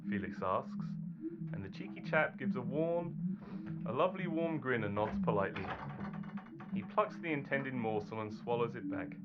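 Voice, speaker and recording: A man narrating a storybook tale in an animated, theatrical manner. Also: mid-range voice, moderate pace. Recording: dull recording under loud guitar music.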